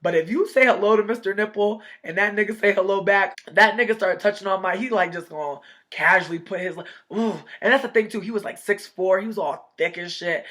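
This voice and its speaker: Woman vlogger spilling a story, bright edgy voice, swears a lot, does the voices. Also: medium pitch. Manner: animated, profane, drops into quoted voices. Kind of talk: casual storytime.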